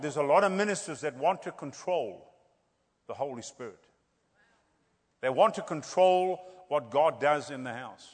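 Man, middle-aged, high-pitched revival preacher; loud swells, quiet asides; long church-hall reverb. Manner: lively, swings between loud declarations and quiet asides, jokey. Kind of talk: revival sermon.

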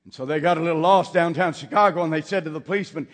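A man preaching a sermon, telling stories dramatically and swinging from near whispers to shouts. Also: a little high, rapid-fire, few pauses, big-room sound.

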